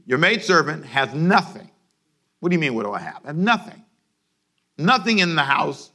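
A man's voice: fairly high pitch, very animated, normal speed, sharp tone, pitched above the performer's own voice, full character voice. A man voicing a destitute widowed mother who keeps insisting she has nothing but one jar of oil. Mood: desperate. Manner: pleading, insistent, repeats herself.

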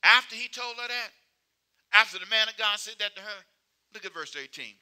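A man preaching a sermon, with emphatic, repetitive call-and-response phrasing that swings between loud exhortation and quiet asides. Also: sits high, lively intonation, brisk, smooth.

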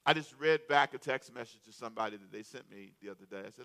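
A man preaching a sermon as a pastor, animated and calling out to his congregation, often repeating words. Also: mid-range voice, fast, few pauses.

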